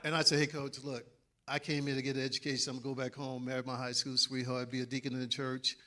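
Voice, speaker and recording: A man, a former player, telling an animated story and acting out quotes loudly. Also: mid-range voice, fast talker. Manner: acts out quotes loudly, laughs while telling. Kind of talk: animated anecdote.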